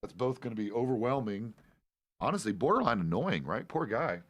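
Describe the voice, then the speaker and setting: A man's voice: medium pitch, lively intonation, brisk, no room sound. A middle-aged man, a roleplay streamer, chatting out of character in a laid-back, rambling, profane way. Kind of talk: casual out-of-character chat.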